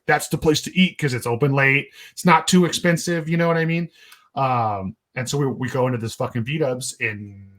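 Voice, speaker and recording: A young adult man tells a story on his podcast, rambling along casually with plenty of swearing. His voice sits at an ordinary middle pitch, and the whole thing feels relaxed and conversational. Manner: rambling, profane, laid-back. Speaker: podcast host.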